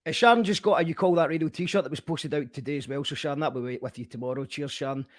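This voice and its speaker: A man hosting a casual chat, reading out viewer comments and giving shout-outs in an easygoing way. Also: on the high side, fast talker, no echo, studio quality. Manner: easygoing, gives shout-outs, repeats words while thinking. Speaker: host.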